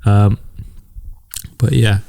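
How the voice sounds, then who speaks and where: A man's voice: lowish voice, fairly even intonation, very slow, creaky, dark tone. A young man co-hosting a podcast, telling a rambling story in casual chat and laughing often. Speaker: podcast co-host.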